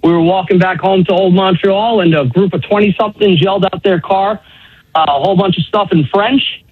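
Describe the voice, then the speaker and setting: A man's voice: sits high, steady tone, brisk, husky, no room sound. Caller man on a dull phone line. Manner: storytelling. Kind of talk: telling an anecdote on a phone-in.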